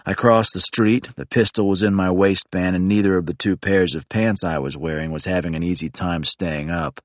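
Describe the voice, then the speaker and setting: Deep-voiced man reading an audiobook. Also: fairly even intonation, moderate pace, hardly any pauses, no room sound. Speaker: audiobook narrator. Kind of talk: first-person audiobook narration.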